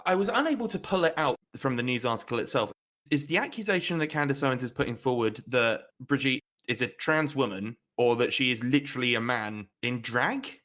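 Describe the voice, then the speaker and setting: A man's voice: medium pitch, a little fast, fairly bright tone. Teasing, playful male podcast co-host. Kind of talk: casual comedic news chat.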